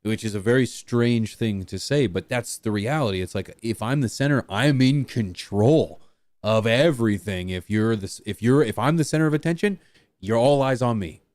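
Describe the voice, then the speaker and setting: This streamer, who hails from a small rural town, rambles through a joking, casual chat with his partner and audience, often at his own expense. He talks at a normal speed in a mid-range, slightly mellow voice, and the recording is dry.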